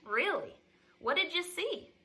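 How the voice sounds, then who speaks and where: A woman's voice: on the high side, very animated, moderate pace, bright, forceful tone. A woman reading as a curious rich boy. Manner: eager, curious.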